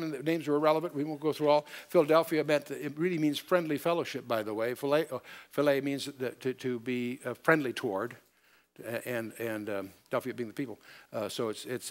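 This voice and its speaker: A man giving a Bible study lecture, explaining step by step and quoting scripture in old-style wording. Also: on the high side. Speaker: Bible teacher.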